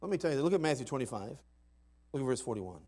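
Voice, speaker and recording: A man preaching a sermon in a folksy, emphatic way, dropping to soft asides and rising to loud climaxes. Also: mid-range voice, very animated, fast. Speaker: pastor. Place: church sanctuary.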